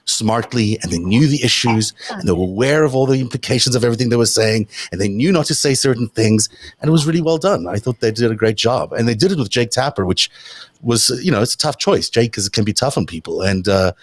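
A man's voice: mid-range voice, expressive, fast, no room sound. A man hosting a casual political panel chat, talking in a hesitant way with many restarts. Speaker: host.

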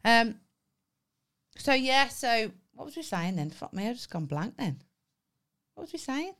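A woman co-hosts a casual podcast chat. Her pitch swoops widely as she jokes in excitable, sweary banter. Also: a little slow. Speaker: podcast co-host.

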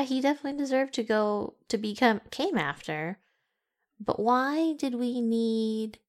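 A woman co-hosting a casual podcast, chatty and sarcastic, often breaking into laughter. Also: a little high. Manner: sarcastic, teasing. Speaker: podcast co-host.

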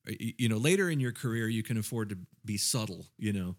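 Low-voiced man, rambling chat. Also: expressive, fast. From American South. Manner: rambling with many fillers and restarts. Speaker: podcast panelist. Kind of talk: casual chat.

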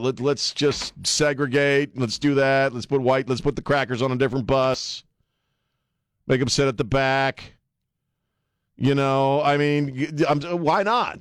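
A man's voice: medium pitch, no echo, studio quality. A man hosting a talk radio show, delivering a sarcastic, rambling opinion monologue with many restarts.

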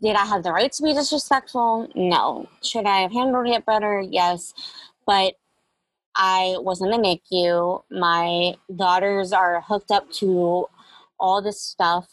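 A woman's voice: mid-range voice, unhurried, dry recording, low-quality recording. A young woman, a guest in an interview, telling a personal story candidly and reflectively, with many fillers.

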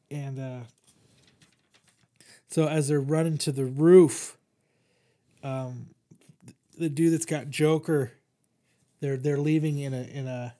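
Young male host, slightly high voice, loose and swearing, lots of restarts. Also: steady tone, slow pace, long pauses, warm tone. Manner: rambling, profane, lots of fillers and restarts. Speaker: podcast host reviewing comics. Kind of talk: casual chat.

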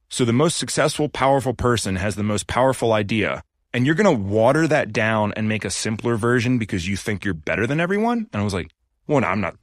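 A man's voice: on the low side, dry recording, studio quality. A man on a podcast as a guest, telling a story in a blunt, emphatic way, full of swearing. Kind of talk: casual storytelling in conversation.

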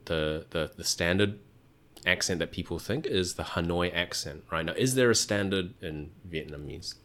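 A man's voice: sits low, normal speed, a bit bright. A man hosting a podcast interview, asking curious follow-up questions with hesitant restarts.

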